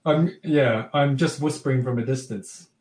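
A man's voice: medium pitch, moderate pace, background noise. A man playing a tabletop game, describing his character's spell in an easygoing way. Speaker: player. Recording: roomy echo.

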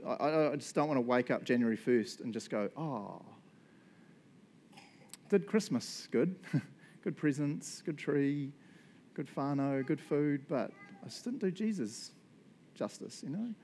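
A man, preaching a sermon as a lively storyteller who acts out what people said and often checks in with "right?". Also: mid-range voice, normal speed, slight background noise. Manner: animated, acts out quotes, frequent "right?" and "um". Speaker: pastor.

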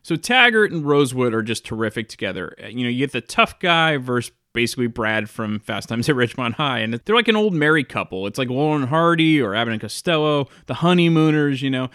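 A man's voice: mid-range voice, very animated, a little fast, few pauses, fairly bright tone, clean tone, no echo. Chatty male film reviewer, dry sound. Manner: chatty, enthusiastic, with frequent restarts. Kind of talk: casual commentary.

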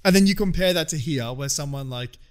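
A man's voice: a little high, animated, a little fast. A man from Australia in casual chat, telling stories in a rambling way with many asides.

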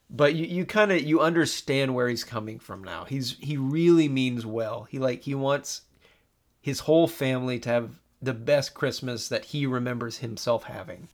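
A man in casual chat as a podcast co-host, retelling movie scenes in an animated, rambling way, with many restarts. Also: medium pitch, moderate pace.

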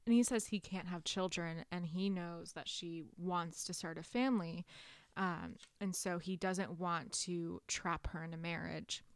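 A young woman co-hosting a podcast, calmly filling in plot details in casual chat about a book. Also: fairly low pitch, clean tone, dry recording, clean studio sound. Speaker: podcast co-host.

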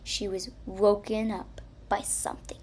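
A woman reading a children's story aloud in a slow, expressive way. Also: medium pitch, slightly rough. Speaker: narrator.

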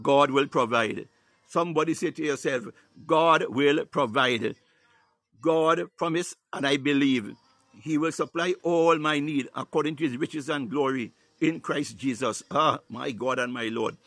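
A man's voice: a little high, moderate pace, fairly bright tone, no room sound. A man preaching a sermon, filling his phrases with "hallelujah" and "ah, my God" and breaking into tongues.

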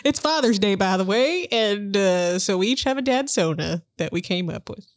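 A woman's voice: mid-range voice, expressive, normal speed. Laughing woman hosting as dungeon master. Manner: laughs often, chatty. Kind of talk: casual podcast chat.

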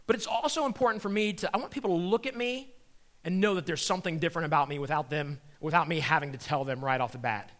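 Animated, bright-voiced middle-aged man. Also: high voice. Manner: animated storyteller acting out voices. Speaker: comedian and magician speaker. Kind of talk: comedic Christian talk.

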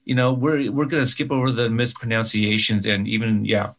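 A man's voice: lowish voice, flat delivery, fairly quick, fairly bright tone. A man playing a rambling casting director who stammers and restarts his sentences. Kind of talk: comedic sketch, audition scene.

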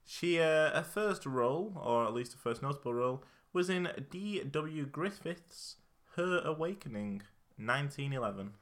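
Bright-voiced joking male podcast host. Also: a little high, expressive, moderate pace. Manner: joking, rambling, with fillers. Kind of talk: casual chat.

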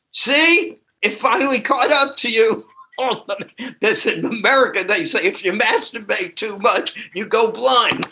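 An older man with a slight tremor in his voice, sharing his own story slowly and emotionally with a recovery group. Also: high-pitched, sharp tone. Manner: slow and emotional, with laughter. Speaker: recovery workshop speaker. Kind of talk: personal sharing talk.

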